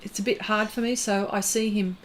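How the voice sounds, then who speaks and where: A middle-aged woman with an Australian accent talks casually to her livestream viewers. Her speech wanders, with plenty of fillers and false starts, at an ordinary pitch for a woman. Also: steady tone, fairly quick, a little hiss or hum. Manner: rambling, chatty, many fillers and restarts. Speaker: artist livestream host. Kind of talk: casual chat with live viewers.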